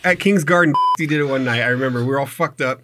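A man chatting casually during a drinking card game, an animated storyteller who swears a lot. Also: mid-range voice, quick pace.

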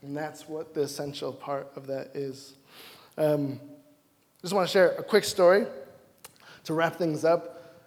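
A young man from Wisconsin preaching a sermon, telling personal stories in an animated way and acting out his own quoted lines. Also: fairly high pitch, a little slow, pauses often. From Wisconsin, United States. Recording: long hall reverb.

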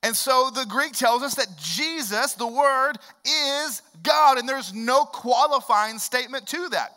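A man in his thirties preaching a sermon in a church, swinging from loud emphatic bursts to low hushed lines. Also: a little slow, big-room sound. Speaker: pastor. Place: church sanctuary.

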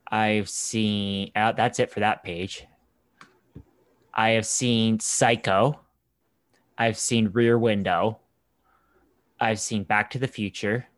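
A man's voice: lowish voice, fairly even intonation, slow pace, long pauses, dry recording. A young man from Canada in casual chat as a co-host, an easygoing, rambling storyteller. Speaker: podcast co-host.

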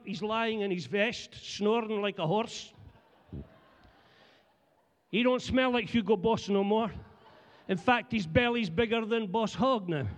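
A middle-aged man with a Scottish accent preaching a humorous sermon, animated and joking as he talks to the congregation. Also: high voice, highs cut off. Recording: long church hall reverb.

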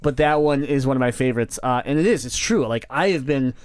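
A man hosting a podcast, telling an animated story in casual chat. He laughs often, repeats his words and acts out the voices of people he quotes. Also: mid-range voice, fast, clear, resonant tone, dry recording, studio quality. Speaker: podcast host.

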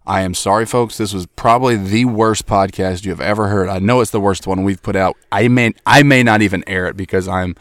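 A man hosting a comedic podcast from a small closet, exasperated and pleading for everyone to calm down. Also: lowish voice, a little fast, few pauses, dry recording, clean studio sound. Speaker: podcast host. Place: small hot broom closet.

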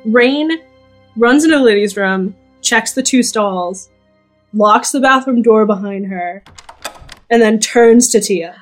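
A woman's voice: a little high, slow, soft background music. A woman running a tabletop game as game master, narrating scenes and talking in her characters' voices. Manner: animated, shifts into characters' voices.

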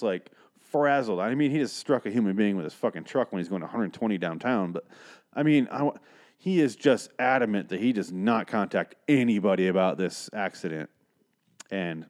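A man's voice: on the low side, darkish tone. A young man hosting a podcast, casually recapping a TV episode with rambling, profane, sarcastic asides. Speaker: podcast host.

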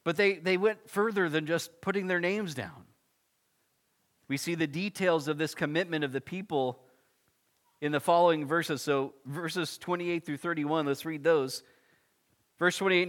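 Male pastor, casual animated preaching, fairly high voice, scripture reading and explanation. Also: a little slow. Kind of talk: expository sermon.

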